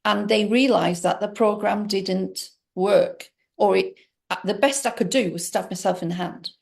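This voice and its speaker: In a creaky, medium-pitched voice at normal speed, a middle-aged interview guest tells her interviewer a personal story. The conversation finds her rambling and emphatic, restarting often.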